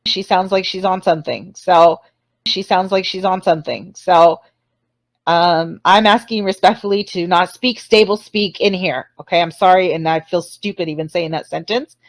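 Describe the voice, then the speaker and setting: Her voice is on the low side and free of echo as she hosts a casual livestream chat. Between frequent laughs and apologetic asides, she rambles on.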